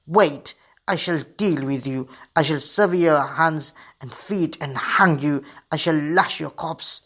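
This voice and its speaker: A man's voice: mid-range voice, measured pace, lightly acted. A man reading out an enraged tyrant king. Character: angry tyrant king, male, threatening.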